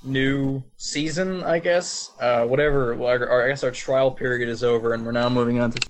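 Young man, New Jersey accent, podcast co-host, halting, sweary, slight speech impediment, groggy from cold medicine. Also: medium pitch, steady tone, crowd noise. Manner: rambling, halting, many fillers and swearing. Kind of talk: casual chat.

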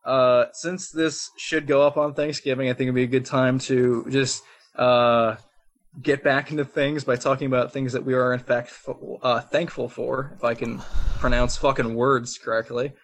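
A man's voice: mid-range voice, little pitch movement, moderate pace. A young man with a New Jersey accent, co-hosting a casual podcast chat, rambling with many fillers, with a slight speech impediment and on cold medicine. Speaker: podcast co-host.

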